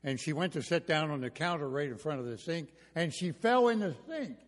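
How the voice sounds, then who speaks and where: An older man preaching a sermon in a church, telling homespun stories with gentle jokes. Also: on the high side, expressive, a little fast. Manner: folksy storytelling with jokes. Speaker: pastor. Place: church sanctuary. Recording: reverberant church hall.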